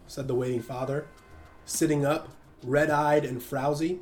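Man reading a story aloud, measured, even, fairly high voice, faint music behind. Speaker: narrator. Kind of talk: storybook narration.

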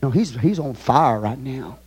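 A pastor with a Texan accent preaching a fervent sermon in a church, reading scripture aloud and swinging between booming and hushed delivery. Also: male voice, lively intonation, measured pace, slightly rough. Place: church sanctuary.

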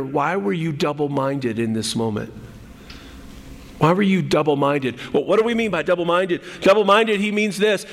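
A man preaching a sermon, telling the story animatedly, with frequent repeats and restarts. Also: sits high. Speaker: pastor. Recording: long hall reverb.

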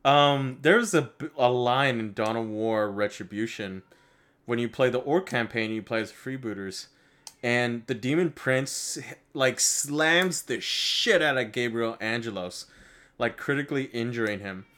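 Slow-talking bright-voiced man. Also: medium pitch. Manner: enthusiastic, laughing easily. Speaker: podcast co-host and skit maker. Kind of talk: casual chat.

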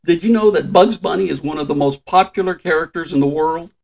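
Older male co-host, slightly high voice, relaxed trivia storyteller who chuckles a lot. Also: fairly quick, creaky, poor audio. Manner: chatty storyteller, shares trivia, chuckles often. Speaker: podcast co-host. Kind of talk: casual chat.

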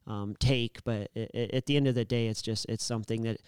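A man talks on a podcast in a very clear, smooth voice with little rise and fall. He is earnest and halting, restarting his sentences often. The recording is dry and close. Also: lowish voice, fairly even intonation, darkish tone, no room sound. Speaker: guest, business owner. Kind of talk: casual podcast chat.

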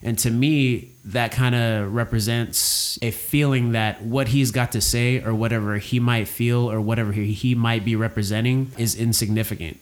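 A man's voice: medium pitch, fairly even intonation, moderate pace, hardly any pauses. A man co-hosting a casual film discussion, talking in an opinionated, conversational way with frequent fillers and restarts. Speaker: podcast co-host discussing a film.

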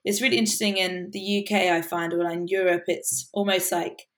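A woman's voice: fairly low pitch, fairly even intonation, brisk, fairly bright tone. A woman from the UK, a worship musician, talking earnestly and casually in a podcast interview, with many fillers.

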